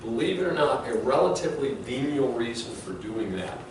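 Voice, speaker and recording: With lively intonation and a moderate pace, a middle-aged male law professor chats through a lecture, telling anecdotes and often using fillers and restarting sentences. He stands far from the mic in a large classroom that echoes, and a faint hiss runs underneath.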